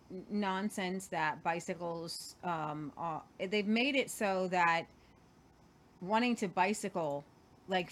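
A woman's voice: fairly low pitch, a little hiss or hum. A woman co-hosting a casual weekly news show, rambling and hesitant as she lays out the stories. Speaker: co-host.

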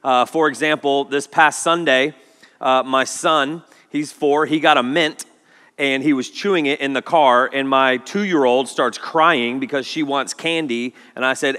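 Brief: man in his 30s, pastor delivering a lively sermon, bright forceful tone, reverb. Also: medium pitch, a little slow. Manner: animated storytelling with acted-out quotes. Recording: long hall reverb.

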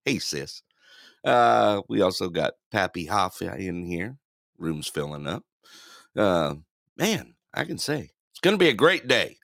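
A man's voice: low-pitched, sing-song, unhurried, vocal fry, a bit bright, no echo, studio quality. A man hosting a casual online radio talk show, rambling and teasing with frequent laughter. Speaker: host.

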